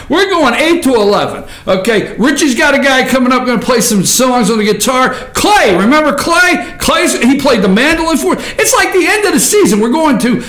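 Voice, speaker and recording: A talkative man with a drawl hosts a casual morning show, jumping between jokes and news. His voice sits high and he often breaks into shouts. The room around him is echoey. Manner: rambling, animated, jokey, often shouting. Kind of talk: casual talk show monologue.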